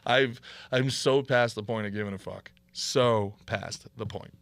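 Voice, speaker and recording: A man's voice: lowish voice, unhurried, vocal fry, fairly bright tone, no room sound. A man hosting a podcast, delivering a heated, profane comedic rant with mocking impressions. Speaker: podcast host.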